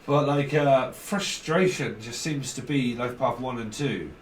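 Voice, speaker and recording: A man's voice: medium pitch, a little slow, reverberant, distant mic, slight background noise, rough recording. A man giving a casual tarot reading, rambling and blunt, swearing freely. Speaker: tarot reader.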